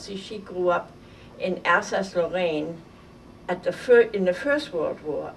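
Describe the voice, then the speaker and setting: Older woman recounting memories, distant mic. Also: fairly low pitch. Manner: halting, vivid storytelling. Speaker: interviewee. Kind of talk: oral history recollection. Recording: distant mic with faint noise.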